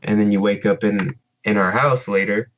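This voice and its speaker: A man with a somewhat low voice, chatting loosely as a podcast co-host. He strings thoughts together with plenty of fillers and restarts. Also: fairly even intonation, moderate pace, a bit bright, a little hiss or hum, poor audio. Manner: rambling, many fillers like "like" and "you know". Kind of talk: casual chat.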